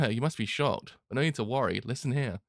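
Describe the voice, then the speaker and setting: A man's voice: medium pitch, animated, brisk, creaky, no echo, clean studio sound. A man reading aloud a kindly middle-aged male baker, in a plain read-aloud delivery. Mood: warm, earnest.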